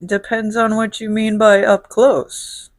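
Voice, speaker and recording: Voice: medium pitch, level tone, slow, dry recording. A host from Illinois, answering viewer questions in a casual solo vlog with blunt, profane, sardonic humor. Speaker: show host.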